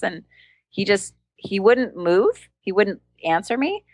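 Speaking at a moderate pace with no echo, the woman recounts an anecdote as an interview guest; she's a street performer and entertainer. She laughs frequently and animatedly jumps to higher voices when quoting people.

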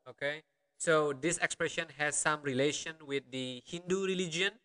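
A Balinese-accented man leads a beginner language lesson, his voice bright and somewhat high for a man. He says each phrase slowly, then repeats it at normal speed, checking in with the learner as he goes. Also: big-room sound. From Karangasem, Bali. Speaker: language teacher.

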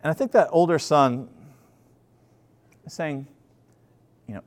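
A man's voice: on the high side, lively intonation, unhurried, long pauses. Conversational male preacher. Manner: conversational, storytelling with frequent fillers and restarts. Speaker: pastor. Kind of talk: sermon.

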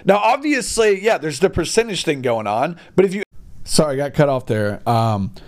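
A man with a high, lively voice that leaps up and down as he rants, blunt and a little crude, tripping over his own restarts as he pushes his point. He talks straight to his audience in a heated, argumentative monologue. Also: moderate pace. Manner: heated, blunt, mildly profane, many restarts. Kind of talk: opinionated monologue.

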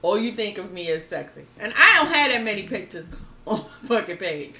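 A woman's voice: mid-range voice, sing-song, a little fast, sharp tone, echoey room. A woman co-hosting a podcast in casual chat, blunt and profane, laughing often. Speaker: podcast co-host.

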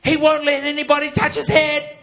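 A man's voice: big pitch swings, fast, fairly bright tone, heavily acted. A man doing a tearful, astonished mother. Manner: high, emotional exclaiming. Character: tearful mother, astonished, woman in her 30s.

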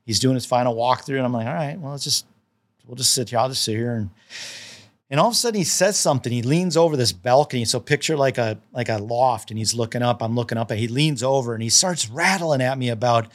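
Fast-talking and middle-pitched, a land specialist spins animated stories as a guest in a casual podcast interview. He voices the dialogue within his tales and frequently repeats himself or starts over.

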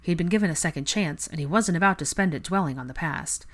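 Rich: A woman with a low voice reads a fan fiction audiobook aloud. Her narration is steady and even-paced, in plain storytelling fashion. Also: fast.

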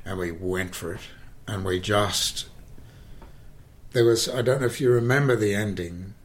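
A man, a stage actor telling theatre anecdotes in an interview, animated and dramatic with deliberate pauses and repeated words. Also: on the low side. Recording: faint background noise.

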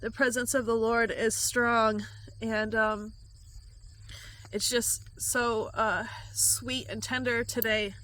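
A woman delivering a heartfelt devotional message in an earnest, tender manner. Her voice sits a little high and rings bright and clear. She pauses softly, as if moved by what she shares. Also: little pitch movement, poor audio. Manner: earnest, tender and emotional, with pauses and soft fillers. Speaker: Christian prophetic vlogger. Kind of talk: devotional message sharing prayer and prophecy.

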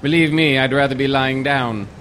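An actor playing a weary, wry retired captain. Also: male voice, medium pitch, steady tone, moderate pace, a bit bright, a little hiss or hum, natural voice. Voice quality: dry, wry.

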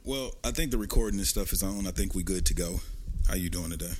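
A man's voice: low-pitched, fast talker, over music. Brash, profane man hosting a podcast. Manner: loud, profane, laughing banter. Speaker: podcast host. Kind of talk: casual chat.

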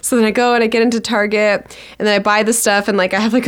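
A woman spins a funny personal story in a loose, chatty way, dropping "like" into almost every sentence. She talks in quick bursts and her pitch jumps around as she gets worked up. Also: level tone. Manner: chatty, peppered with "like", laughs between lines. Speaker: actress telling a personal story.

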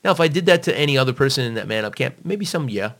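A man's voice: mid-range voice, animated, very fast, a bit bright. A man telling stories in a casual chat, blunt and emphatic, swearing often. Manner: blunt, heavily profane, emphatic.

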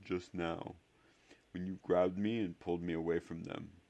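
A man's voice: deep voice, flat delivery, normal speed, mellow. A man voicing a timid, frightened young boy who speaks in a thin, wavering, small voice. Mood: wounded.

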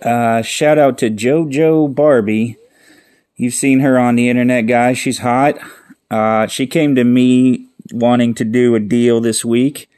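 A man's voice: medium pitch, fairly even intonation, measured pace, darkish tone, smooth, dry recording, studio quality. A man hosting a casual solo podcast, rambling and folksy, telling sports gossip and jokes. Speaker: podcast host.

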